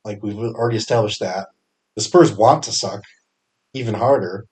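Chatty, energetic man with a lowish voice. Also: normal speed, slightly rough. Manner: energetic, chatty, with fillers and self-corrections. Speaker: fantasy sports podcast host. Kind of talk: casual solo podcast picks.

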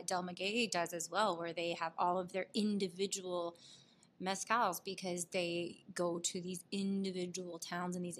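A woman's voice: fairly low pitch, fairly bright tone, slight background noise. A woman co-hosting a podcast, casually explaining what she does as she mixes a cocktail. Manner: explains while mixing a drink. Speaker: podcast co-host. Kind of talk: casual chat.

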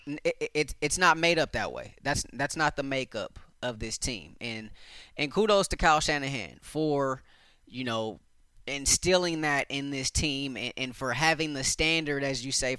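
Bright-voiced sports show host. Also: male voice, medium pitch, clean tone, dry recording, studio quality. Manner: stammering restarts, conversational. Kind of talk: sports talk show hosting.

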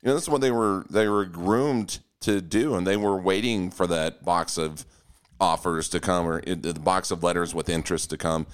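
Deep-voiced smooth male podcast host. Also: normal speed. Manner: reflective, thinks aloud with restarts. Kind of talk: conversational interview.

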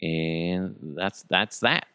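Chatty, lower-voiced male podcast host. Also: extremely slow, pushed and bright, smooth, dry recording, studio quality. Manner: rambling, chatty, restarts often. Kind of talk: casual solo podcast monologue.

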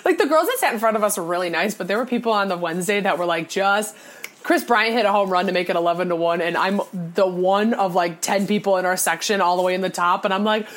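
A woman's voice: mid-range voice, quick pace. A young woman co-hosting a podcast, telling a bubbly, laugh-filled story in casual chat and acting out the people she quotes. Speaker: podcast co-host.

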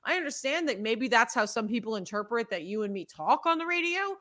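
A woman hosting a casual sports podcast, with a bright, forward voice pitched a little above the usual. She talks in a chatty, animated way and tells stories with energy. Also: brisk. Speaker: podcast host.

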